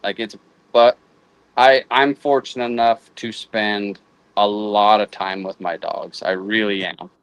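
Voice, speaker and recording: A man's voice: fairly low pitch, steady tone, clear, resonant tone, no room sound, dull audio. A man in a casual chat, often restarting and repeating words as he works out his thought. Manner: halting, repeats words while thinking. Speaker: guest houndsman.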